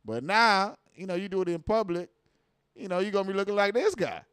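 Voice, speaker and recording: A man's voice: high-pitched, animated, a little fast, a bit bright, clean tone, no echo. A man hosting a livestream, reacting to viral clips in casual, slangy, profane talk full of rhetorical questions.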